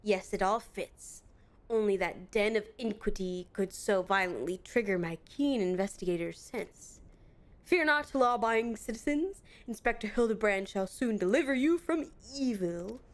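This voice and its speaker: A woman's voice: medium pitch, lively intonation, moderate pace, lightly acted. A woman putting on a pompous male game inspector. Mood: dramatic. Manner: theatrical, self-aggrandizing declamation. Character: pompous grandiose male inspector, middle-aged.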